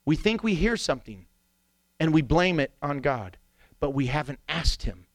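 A middle-aged man preaching a sermon with animated storytelling, jumping into sudden impressions. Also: on the high side, normal speed, no room sound. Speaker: pastor.

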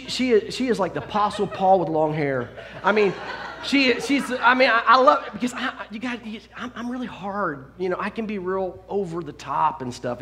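Middle-aged man, pastor mid-sermon; high, very animated voice, storytelling with restarts. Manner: animated, self-deprecating storytelling with frequent restarts.

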